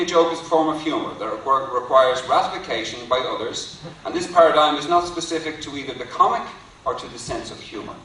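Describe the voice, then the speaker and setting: A male lecturer talks through an academic point, pausing wryly before his punchlines. He sounds distant from the microphone, with heavy hall reverb and a faint hum of room ambience. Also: mid-range voice, fairly bright tone. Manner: wry, deliberate, builds to punchlines. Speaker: university lecturer. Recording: echoey hall from far off.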